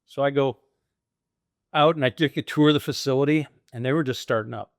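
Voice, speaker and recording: Middle-aged male guest, lively storyteller, dry close podcast sound. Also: medium pitch, fast talker, vocal fry, no room sound. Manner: animated, acts out quoted dialogue. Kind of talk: storytelling interview.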